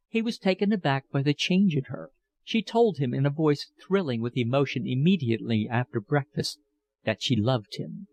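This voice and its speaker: A man's voice: mid-range voice, no room sound. Man narrating a novel in a dry studio. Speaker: audiobook narrator.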